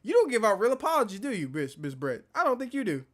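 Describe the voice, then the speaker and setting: A male streamer, loudly trash-talking his way through a game on stream. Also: high-pitched, fast. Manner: loud, profane, animated trash talk. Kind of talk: casual gaming commentary.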